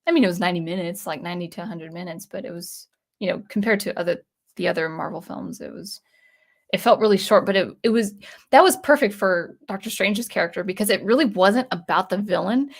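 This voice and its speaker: A young adult woman hosts a casual livestream, talking fast in a lowish voice as she reads chat comments aloud. She's chatty but hesitant, with lots of fillers and restarts.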